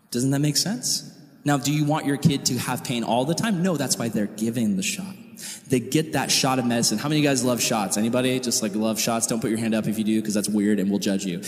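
A man preaching a youth sermon to high school students, animated and slangy, acting out quotes as he goes. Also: roomy sound, long reverb tail. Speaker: youth pastor.

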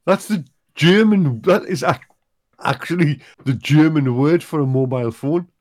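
A man's voice: a little high, normal speed, darkish tone. A man, chatting casually as a podcast co-host. He rambles, stalls and searches for words. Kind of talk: casual chat.

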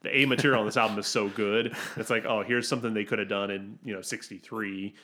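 A man's voice: lowish voice, fairly even intonation, quick pace, pushed and bright, slight background noise. A man co-hosting a casual music podcast, laid-back and joking. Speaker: podcast co-host. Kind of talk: casual chat.

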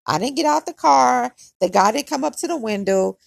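Woman, podcast storyteller, gravelly and husky, candid chatty delivery, dry close sound. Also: on the high side, animated, moderate pace, no room sound. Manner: candid and conversational, heavy use of "like". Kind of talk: personal storytime narration.

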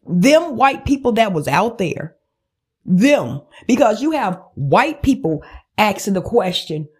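A woman's voice: mid-range voice, very animated, slow, a little mellow, slightly rough. A woman podcast host, ranting in a heated, profane, emphatic way. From United States. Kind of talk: angry political rant.

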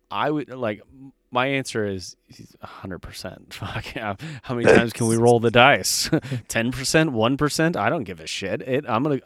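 A man's voice: on the low side, no room sound. Guy in his 30s ranting on a podcast, swears a lot, dry close sound. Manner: blunt, profane, fired-up storytelling. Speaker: podcast co-host. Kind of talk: casual podcast chat.

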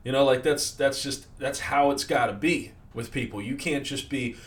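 A man's voice: mid-range voice, normal speed. A man in the financial services industry giving a casual motivational talk, often checking in with "right?" and filler words. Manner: conversational, many fillers and "right?" tags. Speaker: sales leader in financial services.

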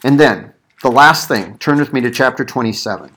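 A man teaching a Bible passage in a conversational sermon, animated and given to acting out quotes. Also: mid-range voice, fairly quick. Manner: animated, acts out quoted voices, thinks aloud with restarts. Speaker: pastor teaching a Bible study.

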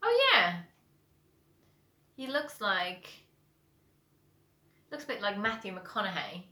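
A woman co-hosting a podcast in relaxed, chatty conversation. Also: mid-range voice, slow pace. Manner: relaxed, chatty, uses "I reckon" and "like". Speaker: podcast co-host. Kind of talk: casual chat. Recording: echoey room.

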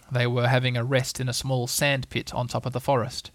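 A man's voice: mid-range voice, level tone, brisk, gravelly, hardly any pauses, fairly bright tone, no echo. Man narrating a storybook, dry close sound. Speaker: audiobook reader.

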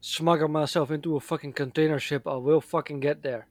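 A man's voice: on the high side, steady tone, a little fast, no room sound. A man from Europe in casual chat, blunt and heavy on swearing. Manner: blunt and profane.

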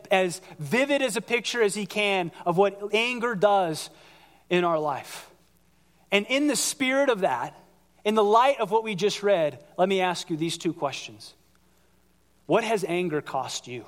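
Male pastor, higher voice, chatty animated sermon delivery in a reverberant church hall. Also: a little slow. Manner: animated, conversational, acts out quoted voices.

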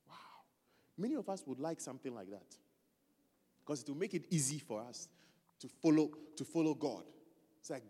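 A man preaching a lively sermon, loose and joking, often stopping to find his place in the text. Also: fairly high pitch, brisk, long reverb tail. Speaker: pastor.

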